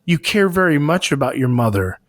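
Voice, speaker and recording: A man co-hosting a casual podcast discussion speaks in a high-ish, sing-song voice, a little fast. He's earnest, often searching for the right words. The studio-quality recording is dry.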